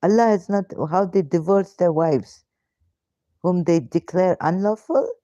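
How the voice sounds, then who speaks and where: Speaking a little slowly in a fairly low, mellow voice, this ex-Muslim woman runs a live question-and-answer session. She sounds indignant and emphatic, firing off rhetorical questions with halting fillers and broken grammar, captured dry on dull, lo-fi stream audio.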